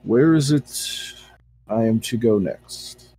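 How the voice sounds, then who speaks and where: A man voicing a devout male turtle adventurer in a tabletop game, speaking formally and slowly. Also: mid-range voice, warm tone, husky. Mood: solemn. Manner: formal, measured, slow.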